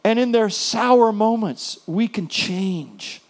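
A middle-aged male pastor delivers a slow sermon in a voice pitched a little higher than most men's. He tells stories with animation, sinking into hushed, soft lines before rising into loud, emphatic bursts.

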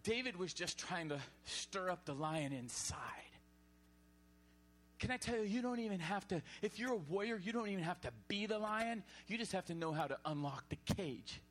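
Casting: energetic preacher, fairly high voice, exhorts and shouts at times. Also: male voice, moderate pace. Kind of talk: sermon.

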